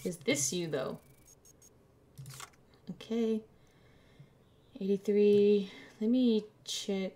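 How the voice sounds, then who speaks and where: A woman streamer casually commenting on a game, muttering to herself as she checks documents, playful and unhurried. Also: medium pitch, dark tone, a little hiss or hum. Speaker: gameplay streamer. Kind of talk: casual let's-play commentary.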